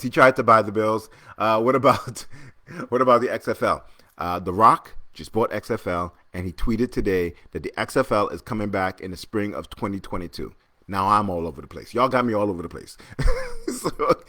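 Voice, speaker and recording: A man hosting a podcast, giving casual political commentary in an animated, exasperated way, with frequent restarts. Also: mid-range voice. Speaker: podcast host.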